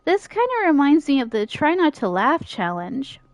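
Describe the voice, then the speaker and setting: High-voiced giggly woman streamer. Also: big pitch swings, moderate pace, no room sound. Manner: playful, giggly, self-mocking. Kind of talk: gaming stream, reading game dialogue aloud.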